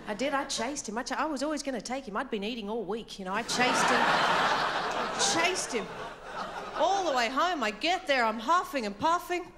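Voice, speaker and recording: Performing stand-up before a live audience, a high-pitched woman with lively intonation talks at normal speed, chatty and self-mocking through her story. Heavy background noise comes from the loud crowd and their laughter, picked up by the stage mic.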